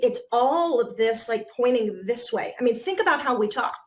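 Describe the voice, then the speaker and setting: Woman real estate agent, animated podcast guest with a higher voice, muffled recording. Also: normal speed, hardly any pauses. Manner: animated, laughs often, acts out quotes. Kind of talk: casual podcast conversation. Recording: muffled lo-fi audio.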